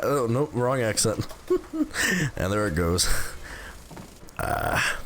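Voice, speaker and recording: A man's voice: sits low, slow pace, pauses often, a little hiss or hum. A young man chatting casually with his live-stream audience while gaming, rambling and hesitant with lots of fillers and restarts. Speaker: game streamer.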